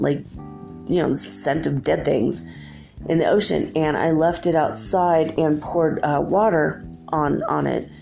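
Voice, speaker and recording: Low gravelly woman telling a story. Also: mellow. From California. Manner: chatty, acts out quotes, laughs often. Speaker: podcast host. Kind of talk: casual storytelling monologue.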